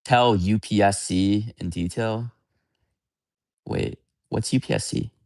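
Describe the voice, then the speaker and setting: A man's voice: lowish voice, slow, darkish tone, no echo, clean studio sound. A man hosting a livestream, chatting casually with viewers in a candid, rambling, blunt way. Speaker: livestream host.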